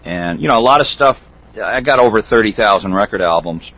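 A middle-aged man hosts a loose internet radio chat, his fairly low voice coming through dull, lo-fi call audio with a little hiss or hum. He's animated but halting, circling back with fillers and restarts.

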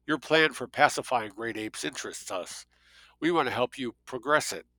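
A man voicing a calm, persuasive male agent who speaks in a measured, lecturing monologue. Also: medium pitch, no room sound, poor audio.

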